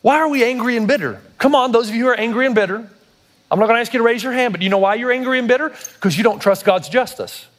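A man's voice: extremely high pitch, fast. A pastor preaching a sermon, emphatic and putting questions straight to his congregation.

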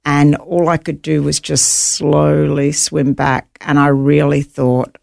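A woman's voice: low-pitched, little pitch movement, takes it slowly, vocal fry, a little mellow, no echo, studio quality. A woman guest on an interview show, vividly retelling her own survival story. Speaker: guest, author.

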